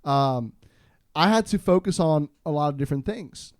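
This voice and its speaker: A man's voice: on the high side, moderate pace, dry recording, clean studio sound. Chatty man telling a story. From Florida. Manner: animated, self-deprecating, with many restarts. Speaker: guest. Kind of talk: casual storytelling.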